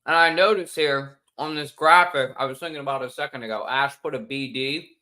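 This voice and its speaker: A man's voice: mid-range voice, brisk, bright, forceful tone, low-quality recording. A man co-hosting a sports podcast, joking and opinionated in casual chat. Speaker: podcast co-host.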